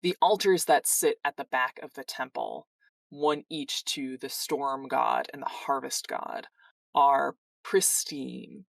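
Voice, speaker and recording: Unhurried game master narration, dry sound, mic set back a bit. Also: medium pitch, steady tone, vocal fry, dry recording, recorded from a distance.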